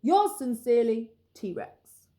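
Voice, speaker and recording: A woman's voice: on the high side, animated, slow pace, dark tone. A woman voicing a boastful male T-Rex, reading his letters aloud for a children's story.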